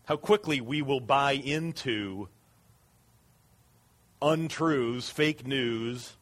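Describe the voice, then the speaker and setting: A man's voice: medium pitch, extremely slow, pauses often, fairly bright tone. A man preaching a sermon as pastor, earnest and emphatic.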